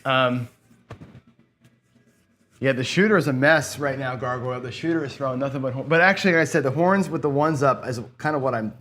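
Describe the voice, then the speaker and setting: A man's voice: medium pitch, bright, forceful tone. A man doing casual play-by-play commentary on his own gambling session, with a mid-range voice. He rambles and swears as he talks himself through every throw. A faint hiss sits under his voice. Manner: rambling, profane, talks to himself while playing. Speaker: gambling channel host.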